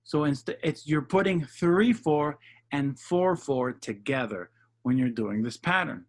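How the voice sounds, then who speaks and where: A man's voice: fairly high pitch, unhurried. A man teaching jazz piano in an online lesson, patiently explaining rhythm step by step and counting beats aloud over a video call. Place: home setup for a virtual session.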